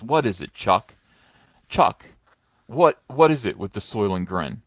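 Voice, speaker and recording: With a fairly low voice that swings widely in pitch, a middle-aged comics commentator speaks unhurriedly, rambling through sarcastic, mocking commentary with plenty of fillers. The casual vlog is recorded dry on a phone set on a stand.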